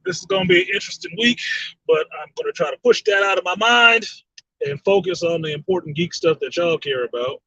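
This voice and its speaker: A man hosting a casual fan chat show, reading viewer comments, animated, laughing often and swearing freely. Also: sits high, fairly quick, gravelly. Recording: slightly distant dull mic with faint noise.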